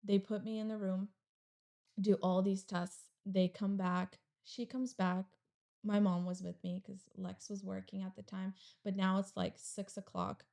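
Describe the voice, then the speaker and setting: A woman's voice: medium pitch, little pitch movement, measured pace, gravelly, a little mellow. A young woman telling an emotional personal story as a podcast guest, rambling and full of "like". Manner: rambling, heavy use of "like".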